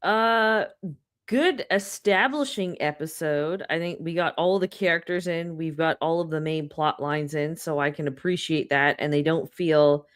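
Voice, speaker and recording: A woman's voice: deep voice, measured pace, clear, resonant tone. A woman panelist giving laid-back, candid commentary on a casual livestream.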